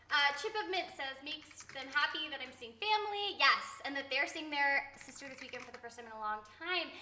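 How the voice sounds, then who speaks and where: Bright, giggly woman streamer. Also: high voice, brisk, reverberant, a little hiss or hum. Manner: giggly, chatty, reads viewer comments aloud. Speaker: streamer and voice actor. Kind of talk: casual live-stream chat.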